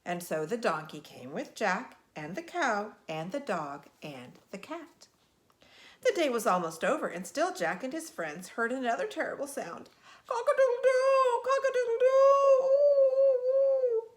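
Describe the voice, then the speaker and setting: A woman reading a picture book aloud in an expressive, animated way. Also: mid-range voice, moderate pace. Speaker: storyteller.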